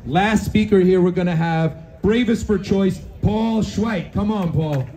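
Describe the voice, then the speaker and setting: A man's voice: high-pitched, unhurried, noisy background. Urgent man giving crowd instructions. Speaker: rally organizer, emcee. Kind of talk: addressing a crowd. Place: outdoors at a street rally.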